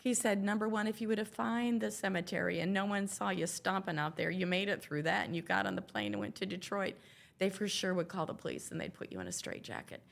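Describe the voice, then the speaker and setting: A woman's voice: mid-range voice, expressive, quick pace, gravelly. An older woman, a guest on an interview podcast, telling her own story in an earnest, reflective way and quoting past conversations.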